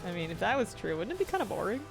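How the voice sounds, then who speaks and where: This is a young woman talking through her gameplay in a relaxed, chatty way, answering viewers and breaking into giggles. Her pitch sits in a middle range. Quiet music plays underneath her voice. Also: very fast, gravelly. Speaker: streamer. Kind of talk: casual gaming stream chat.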